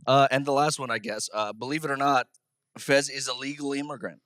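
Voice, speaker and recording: A man's voice: mid-range voice, steady tone, a little fast, a bit bright, no room sound, clean studio sound. A man doing a short roast set as a guest comic, tipsy, hesitant and full of fillers. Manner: hesitant, mumbles fillers, laughs at own jokes.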